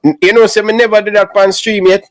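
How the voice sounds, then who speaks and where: A Jamaican man hosting a livestream, chatting in a relaxed, patois-heavy way. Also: high voice, fast talker, rough recording. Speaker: livestream host. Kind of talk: casual livestream chat.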